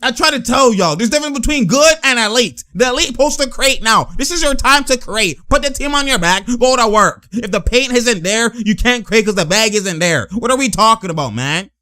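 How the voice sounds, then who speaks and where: A man giving loud, laughing, slangy commentary as he reacts to game footage. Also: extremely high pitch, expressive, a little fast, few pauses, no echo, studio quality. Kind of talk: excited live reaction commentary.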